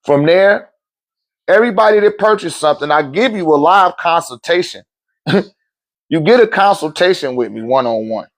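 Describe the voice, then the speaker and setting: A man ranting to his livestream viewers as a spiritual teacher, blunt, profane and animated, laughing often between phrases. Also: normal speed. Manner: animated, swings between loud outbursts and low muttering. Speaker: spiritual teacher and seller of metaphysical goods.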